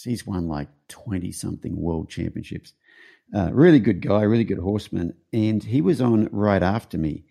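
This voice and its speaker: A man's voice: fairly low pitch, creaky, mellow, slightly rough. A man hosting a podcast, telling stories in a rambling, casual way. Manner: rambling, with many restarts. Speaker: podcast host. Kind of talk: casual storytelling chat.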